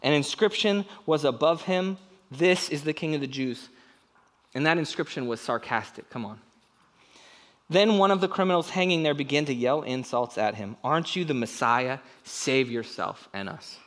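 A male pastor preaching a sermon and leading prayer in a conversational, animated way, with joking asides to the congregation. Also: on the high side, normal speed.

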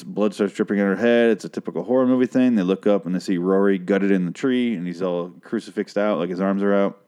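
Low-voiced guy rambling and swearing through a show recap, sarcastic, handheld mic. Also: a little fast, dark tone, smooth. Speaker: podcast host recapping a TV episode. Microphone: handheld microphone.

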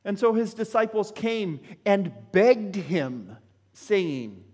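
A man's voice: high-pitched, sing-song, slow pace, darkish tone. A man preaching a sermon who acts out the voices of Bible figures, recorded in a church hall. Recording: long echo of a large hall.

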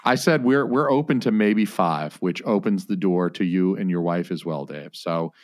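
Male podcast host, low voice, jokey and crude, dry sound. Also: normal speed, a little mellow, dry recording. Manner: joking, crude banter. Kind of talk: casual podcast chat.

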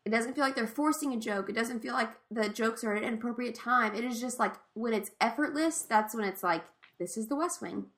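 Bright-voiced woman gushing about a show. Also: fairly high pitch, brisk, hardly any pauses. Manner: enthusiastic, laughs often, retells scenes with quotes. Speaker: podcast co-host. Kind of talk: casual chat recapping a TV episode.

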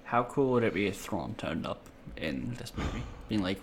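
A man's voice: lowish voice, expressive, normal speed, a little hiss or hum. A man co-hosting a podcast, trading easygoing banter and laughing often. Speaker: podcast co-host. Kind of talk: casual chat.

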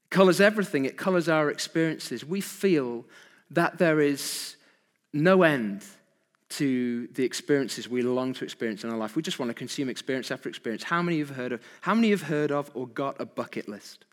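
A man's voice: medium pitch, fairly quick, in a large hall. A man preaching an evening sermon, asking his congregation rhetorical questions with emphasis. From Britain.

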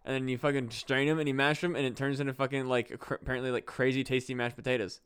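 Fast-talking, profane male podcast host. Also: mid-range voice, flat delivery, fairly bright tone, clear, resonant tone. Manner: enthusiastic, heavy swearing. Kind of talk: casual chat.

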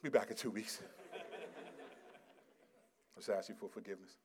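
A middle-aged male pastor giving a sermon, swinging from quiet, low asides to loud, emphatic scripture reading. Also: normal speed. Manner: reads scripture aloud with rising intensity.

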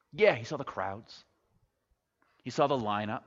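A man's voice: mid-range voice, animated, measured pace, fairly bright tone. A man preaching a sermon as a pastor, retelling a story conversationally with wry humorous asides. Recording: echoey hall, dull lo-fi sound.

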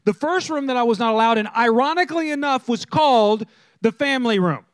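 A man's voice: very high-pitched, a little fast, dry recording, studio quality. A man preaching a sermon, telling funny stories and drawing in the crowd with questions. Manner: animated, engages the crowd with questions. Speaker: pastor. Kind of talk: humorous storytelling sermon.

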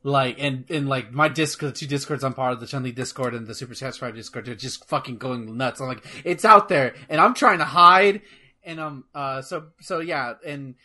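A man chatting casually about gaming news on a podcast, rambling and excitable, swearing freely. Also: mid-range voice, fairly quick, hardly any pauses. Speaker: podcast co-host.

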